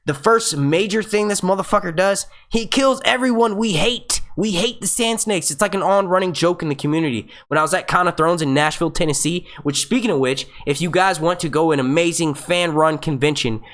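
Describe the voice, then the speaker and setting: Brief: male stream host, slightly high voice, excitable, swears a lot, rambling live commentary. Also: fairly quick, few pauses. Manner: excitable, profane, rambling with restarts. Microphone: webcam setup.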